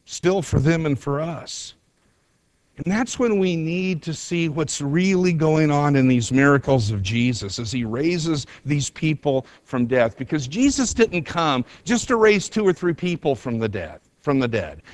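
A man's voice: a little high, dry recording. A man preaching an earnest sermon, retelling a scripture story with rising emphasis. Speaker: pastor.

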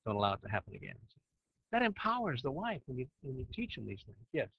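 A man's voice: medium pitch, sing-song, fast, vocal fry, breathy edge, muffled recording. A man teaching church leaders in a conversational preaching style, often asking his listeners questions. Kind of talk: sermon-style teaching with slides.

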